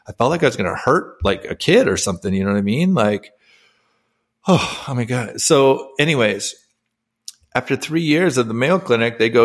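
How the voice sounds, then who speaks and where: This former athlete turned coach, a man in his forties, recounts his life story as an interview guest at a normal speed. His mid-range voice has lively intonation, and he's candid and emotional, using many fillers.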